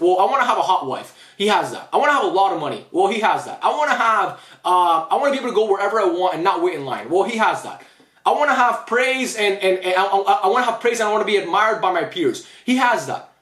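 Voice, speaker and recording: A man's voice: high voice, fairly bright tone, reverberant. A young man giving a blunt, opinionated football rant to camera for his channel, often saying "bro". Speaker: YouTube football commentator.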